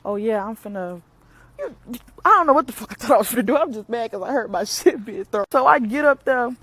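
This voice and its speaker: A woman's voice: fairly high pitch, expressive, fairly quick, fairly bright tone, husky. A young adult woman telling a personal story on camera in a candid, blunt, profane and emotional way. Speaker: vlogger.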